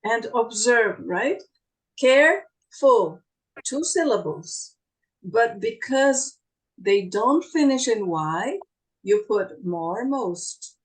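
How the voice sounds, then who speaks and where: Female English teacher, patient and encouraging, unhurried delivery. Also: on the high side, expressive, poor audio. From Brazil. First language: Portuguese. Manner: patient, encouraging, explains slowly. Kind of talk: online English class.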